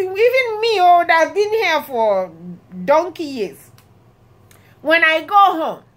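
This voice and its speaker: Woman, Nigerian accent, high voice, animated, exclamatory, casual vlog talk. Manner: animated, laughing, exclamatory storytelling. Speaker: vlogger.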